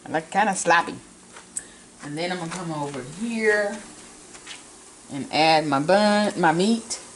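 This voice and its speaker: Slow, chatty woman cooking at home. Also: lowish voice, a little hiss or hum, poor audio. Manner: homey, chatty, talks with mouth full. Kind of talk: casual cooking demonstration.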